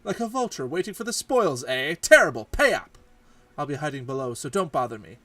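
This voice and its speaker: A man voicing a cranky, grouchy old homeowner who shouts at intruders. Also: medium pitch, quick pace, dry recording, distant mic, close to an everyday voice. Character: cranky old man guarding his house.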